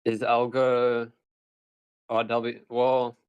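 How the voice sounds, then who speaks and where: A man's voice: medium pitch, monotone, extremely slow, clean tone, lo-fi sound. Easygoing man chatting on a stream. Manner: easygoing, asks questions, laughs readily. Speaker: co-host on the stream. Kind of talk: casual live-stream chat.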